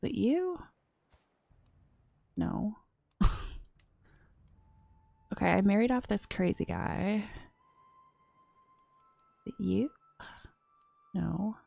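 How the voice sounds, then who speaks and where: A woman streamer giving whispered gameplay commentary, softly murmuring to herself as she plays. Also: mid-range voice, extremely slow, gravelly, pauses often, husky, no echo. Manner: soft murmuring to herself, often unvoiced whisper.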